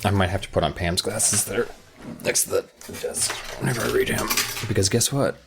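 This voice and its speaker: A man's voice: low-pitched, moderate pace, very noisy. A man co-hosting a podcast, chatting jokingly and reading a book aloud. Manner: animated, jokey. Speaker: podcast co-host.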